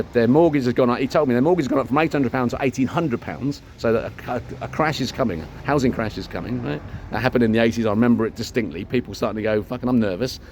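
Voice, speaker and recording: A man's voice: medium pitch, a little mellow, slight background noise. An older man tells a long, rambling story in a casual vlog, swearing freely and acting out the dialogue. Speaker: vlogger.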